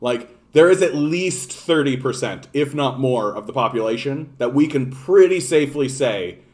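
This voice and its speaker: A man's voice: medium pitch, lively intonation, moderate pace. Blunt, profane male political commentator. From Canada. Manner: blunt, profane, repeats himself. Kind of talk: casual livestream commentary.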